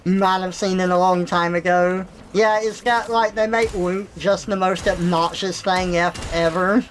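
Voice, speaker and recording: A woman's voice: lowish voice, unhurried, slight background noise, low-quality recording. A woman streaming live who chats casually and laughs often as she retells jokes. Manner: giggly, animated, retells jokes with voices.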